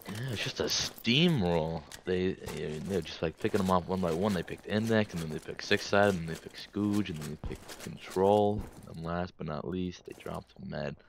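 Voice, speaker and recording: Male color caster, very low voice, calm breakdowns, light background noise. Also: normal speed, creaky, few pauses. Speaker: esports color commentator. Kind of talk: esports color commentary.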